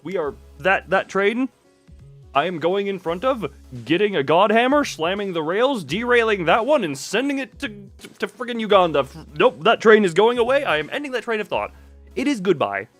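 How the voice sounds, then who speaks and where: A man's voice: sits high, very animated, moderate pace, fairly bright tone, soft background music. A man streaming a game live, joking and rambling as he reacts to his chat, on a close desk microphone.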